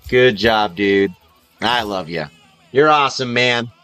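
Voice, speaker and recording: Speaking slowly in a low, smooth voice that is pushed and bright, a young dad streams himself playing a car game with his son. He coaches and cheers the boy on, with game music and engine noise running under his voice.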